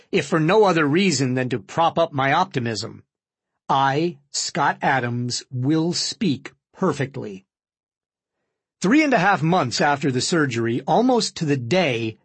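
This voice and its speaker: A man with a slightly nasal, husky voice reads his own memoir aloud in an earnest, measured way. His pitch rises and falls with lively movement, and the close-miked recording sounds dry, with no room around it. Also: no echo. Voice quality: somewhat nasal. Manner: earnest, reflective, measured reading. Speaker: author narrating his own book. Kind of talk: audiobook memoir narration.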